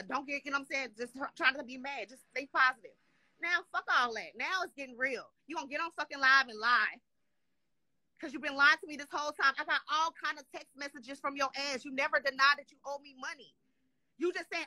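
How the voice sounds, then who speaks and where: Woman from Dallas, high bright voice, rapid profane rant, dry close sound. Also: no room sound. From Dallas, Texas. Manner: profane, heated, repeats "you know what I'm saying". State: upset. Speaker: guest complaining on a live show. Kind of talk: angry rant.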